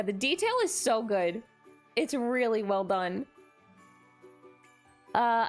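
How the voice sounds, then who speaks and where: A woman streamer chatting casually on a live stream, gushing and excitable, often gasping in delight. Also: fairly high pitch. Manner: gushing and excitable, frequent gasps.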